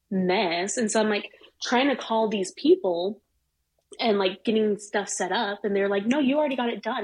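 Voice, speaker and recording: A middle-aged woman telling a personal story in casual chat, animated and swearing freely. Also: mid-range voice, husky, rough recording. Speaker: guest.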